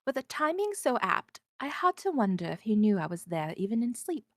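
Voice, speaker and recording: A woman reading a visual novel aloud, narrating in the first person and voicing the heroine with a lively, wondering manner. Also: fairly high pitch, fairly quick, no echo, clean studio sound.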